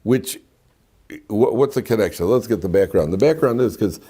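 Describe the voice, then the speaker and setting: A man's voice: fairly low pitch, lively intonation, moderate pace, dark tone, breathy edge. An older man, a rabbi, giving an informal class in a classroom, talking conversationally with restarts and side remarks. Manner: conversational and digressive, with frequent restarts and asides. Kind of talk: informal Torah lecture. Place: classroom with students.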